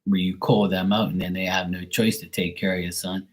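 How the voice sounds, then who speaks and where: A man reading tarot on a live stream, chatting bluntly to a viewer, swearing freely and getting animated when worked up. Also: sits low, brisk, rough recording. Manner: blunt, swears often, talks straight to a viewer. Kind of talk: casual live-stream chat.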